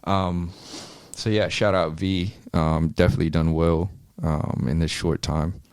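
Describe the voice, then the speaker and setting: A man's voice: deep voice, little pitch movement, a little slow, darkish tone, clean tone, dry recording. A man chatting casually as an interview guest, laid-back and rambling, with frequent ums and swearing. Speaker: amateur boxer, interview guest. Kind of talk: casual chat.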